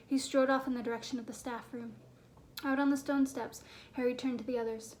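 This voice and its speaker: A woman narrating a children's fantasy novel aloud in a clear, steady storytelling manner. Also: sits high, fairly quick, slight background noise. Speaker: audiobook narrator.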